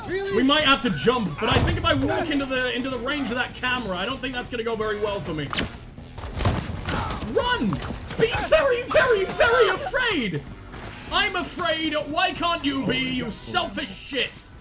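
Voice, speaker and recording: A man commentating on his own video game play, loud, sweary and self-mocking, breaking into panicked yells during fights. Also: extremely high pitch, animated, fairly quick, over loud music. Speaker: gaming channel host.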